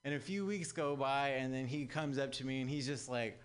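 A man's voice: mid-range voice, brisk, few pauses. A young man from Southern California performing a stand-up comedy set, talking wryly and conversationally to a live audience. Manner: conversational, wry, addresses audience as guys.

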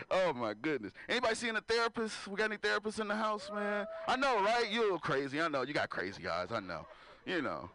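A man's voice: high voice, very animated, fast, sharp tone. A man doing a stand-up comedy set, talking loosely with the crowd and laughing at his own jokes. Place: live comedy venue with audience.

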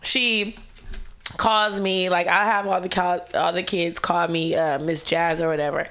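A woman's voice: on the low side, flat delivery, a little slow, vocal fry, noisy background. A young woman co-hosting a radio talk show, chatting candidly and animatedly in slangy, casual speech. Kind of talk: casual chat.

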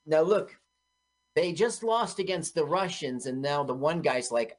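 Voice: mid-range voice, animated, a little slow. Radio co-host riffing on a movie, voice jumps all over, jokey play-by-play. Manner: joking, narrates the film's plot aloud. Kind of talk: casual movie riffing chat. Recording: internet radio show.

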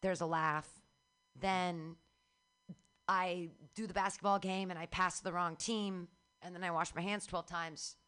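A woman's voice: on the low side, steady tone, measured pace, a bit bright, clean tone. A woman hosting a radio show, chatting casually and giving comedy feedback with lots of laughter. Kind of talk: casual comedy workshop chat.

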